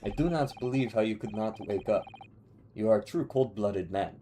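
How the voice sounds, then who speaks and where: A man's voice: on the low side, normal speed, warm tone, slight background noise, close to an everyday voice. A man doing a stern male interrogator with a light Russian accent, speaking in a clipped, menacing, accusing way while reading game dialogue aloud.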